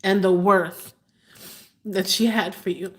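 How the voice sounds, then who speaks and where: Woman in her 50s, mid-pitched, very unhurried live-stream host, halting and tender. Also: fairly even intonation, background noise. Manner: slow, halting, emotional, many fillers. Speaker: tarot reader hosting a livestream. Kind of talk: live-stream chat answering viewers.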